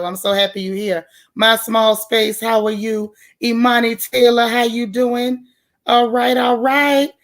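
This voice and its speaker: A woman hosting a live gossip show, chatting casually and greeting viewers one by one in a folksy way. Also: fairly high pitch. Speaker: livestream gossip show host.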